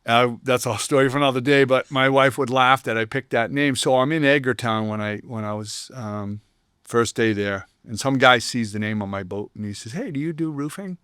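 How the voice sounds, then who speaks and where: An older man from the Boston area, who owns a roofing company, is a guest in a casual interview, telling stories in a mid-range voice at a moderate pace. He's an animated storyteller who acts out the people he quotes, and the studio-quality recording is clean with no echo.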